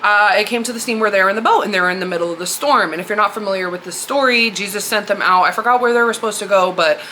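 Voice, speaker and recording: Bright-voiced woman telling a story casually. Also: mid-range voice, racing, a little hiss or hum. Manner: candid, slangy, loose and conversational. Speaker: podcast host.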